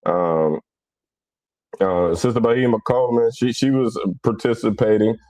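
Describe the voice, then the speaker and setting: A middle-aged man from Cincinnati, hosting a casual livestream. His talk is blunt, animated and rough around the edges. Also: lowish voice, normal speed, no room sound. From Cincinnati, USA. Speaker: livestream host.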